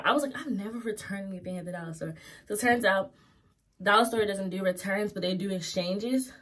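Chatty young woman vlogging her day. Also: mid-range voice. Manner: chatty, loose, lots of "um" and "y'all". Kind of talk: casual vlog chat. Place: at home, then out running errands. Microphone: phone or camera held close.

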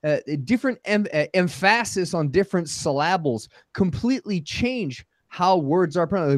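Man, French native speaker, lively swooping voice, slightly high, dry close mic. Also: moderate pace, hardly any pauses, no echo. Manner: animated, explaining with many restarts. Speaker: podcast co-host. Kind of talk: casual chat.

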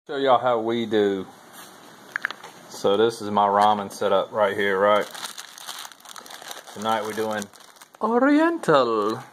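A man's voice: lowish voice, level tone, slow, pauses often, a little hiss or hum, poor audio. Laid-back man vlogging from the trail. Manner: laid-back Southern-style talk with "y'all". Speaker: thru-hiker vlogger. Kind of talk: casual vlog chat. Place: outdoors at a forest trail shelter.

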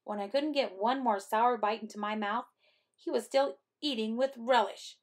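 A woman teacher reading a picture book aloud to third graders in a gentle, expressive way. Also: on the high side, moderate pace.

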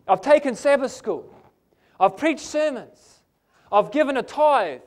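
A man's voice: very high-pitched, big pitch swings, takes it slowly. A man with a New Zealand accent preaching a sermon in a church, emphatic and asking the congregation "amen?".

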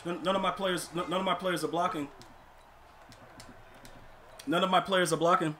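A young man streaming a football video game, complaining to himself and his chat and shouting in disbelief at bad plays. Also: sits high, fairly even intonation, moderate pace, slight background noise. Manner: exasperated, talks to himself and chat. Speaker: gaming streamer. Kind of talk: live gameplay commentary.

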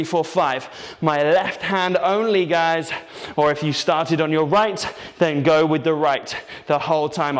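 Man, fitness instructor, upbeat and encouraging, fairly high voice, long echo. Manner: energetic, encouraging, counts reps aloud. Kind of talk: live workout coaching. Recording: roomy with long reverb.

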